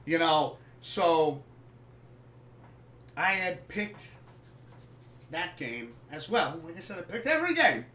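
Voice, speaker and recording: A man hosting a live sports podcast, telling a story casually and animatedly, swearing freely and acting out scenes loudly. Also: fairly high pitch, big pitch swings, slow pace, pauses often, slight background noise. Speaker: podcast host. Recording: echoey room, far from the mic.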